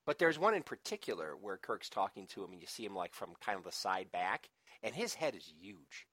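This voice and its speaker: A man's voice: low-pitched, sing-song, brisk, a bit bright, no room sound. A man co-hosting a podcast, chatting casually and rambling with restarts and laughter. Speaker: podcast co-host. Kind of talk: casual chat.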